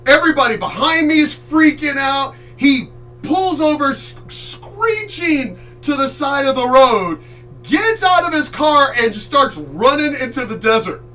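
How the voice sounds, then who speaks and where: A streamer host from the Chesapeake Bay area tells a story casually, loud, animated and foul-mouthed, acting out voices as he goes. His high, bright voice is a little slow and picked up from a distant mic, with faint music underneath.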